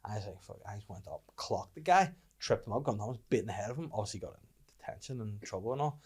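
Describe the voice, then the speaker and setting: A man's voice: fairly low pitch, quick pace, husky. A young man with a Northern Irish accent hosting a podcast, telling stories in casual chat with plenty of swearing. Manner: swearing, animated storytelling. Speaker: podcast host.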